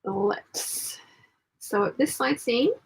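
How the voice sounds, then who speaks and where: A woman's voice: fairly high pitch, extremely slow, gravelly, a little hiss or hum. A woman hosting a sewing live stream, reading viewer comments aloud and chatting back casually as she sews. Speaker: sewing channel host.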